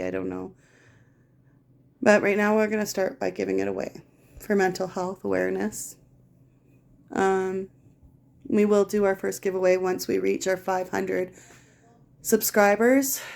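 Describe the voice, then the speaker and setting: Middle-aged Canadian woman, gravelly and flat-toned, raw rambling personal monologue. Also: mid-range voice. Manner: rambling, raw and halting, with restarts. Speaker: vlogger.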